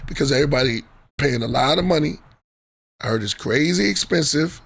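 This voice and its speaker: A man hosting a casual podcast chat, his voice gravelly with a rough, husky edge. He is playful and loves acting out little quoted bits. The tone stays loose and joking. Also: medium pitch, brisk, a bit bright. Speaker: podcast host.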